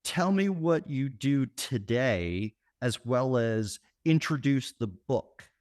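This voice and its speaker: A man hosting a podcast interview, speaking in a measured, affirming way. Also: medium pitch, expressive, darkish tone. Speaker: podcast host.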